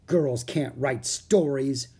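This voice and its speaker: A man's voice: mid-range voice, slow pace, a little mellow, husky. A man voicing an outspoken young girl in a children's storybook reading, eager and indignant.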